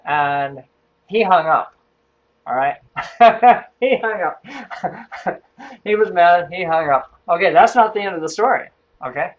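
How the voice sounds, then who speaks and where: A man's voice: sits high, expressive, takes it slowly, pauses often, muffled recording. A man telling a true workplace story in a casual, wry way, chuckling as he goes.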